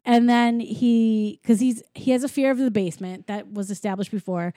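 A woman's voice: on the high side, fairly even intonation, moderate pace, warm tone, dry recording, clean studio sound. A woman casually recapping a movie with a friend, storytelling and acting out quotes with lots of laughter. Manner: chatty storyteller, acts out quotes, laughs often. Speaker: podcast co-host recapping a film. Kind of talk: casual chat.

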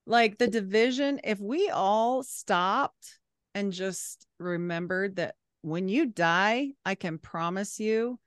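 A woman talks bluntly and chattily in a casual podcast conversation. Her pitch sits mid-range, and she leans on "like" all the time. The recording is dry and close. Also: slow, clean tone, no echo. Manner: blunt, chatty, heavy use of "like". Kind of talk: casual political chat.

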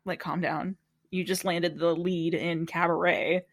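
A young woman co-hosts a podcast in a casual chat, her lowish voice flat and measured in pace. She's sleepy and hiccuping, laid-back and giggly, talking loosely with plenty of fillers.

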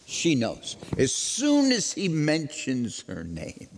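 A man preaching an Easter sermon as pastor, dramatic, moving from loud questions to hushed lines. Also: a little high, huge pitch swings, takes it slowly, few pauses, in a large hall, slight background noise.

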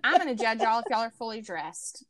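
A woman's voice: a little high, fairly quick, no room sound. A woman podcast co-host, a mother, telling a mishap story casually, acting out what others said and laughing along. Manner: animated, acts out quoted voices, laughs through the story.

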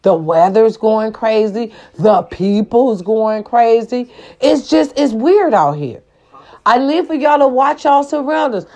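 A woman's voice: fairly high pitch, animated, takes it slowly, darkish tone. Blunt, fiery woman ranting on camera. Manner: blunt, profane, preachy; repeats phrases for emphasis. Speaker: vlogger. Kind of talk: impassioned vlog rant.

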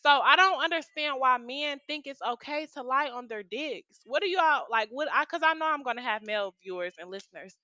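A woman's voice: sits high, animated, brisk, few pauses, pushed and bright, no echo. A woman in her twenties tells a story to her viewers, heated and profane, talking straight at them. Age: 20s. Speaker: vlogger telling a story. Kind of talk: casual storytime rant.

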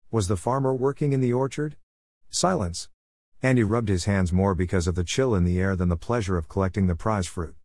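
A man narrating a short story in a steady, even reading voice, in a close, dry recording. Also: sits low, no echo.

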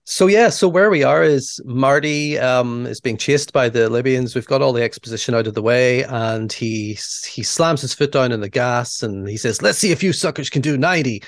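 A podcast co-host with a mid-range voice talks at a moderate pace with few pauses, and there's no echo. In a casual movie recap chat, he retells scenes step by step and laughs often.

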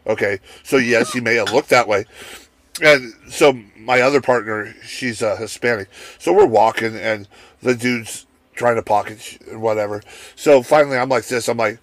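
A man's voice: medium pitch, normal speed, no echo. A man telling rowdy work stories on a casual podcast, swearing freely and acting out the people he talks about. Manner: profane, animated, acts out the people in his stories.

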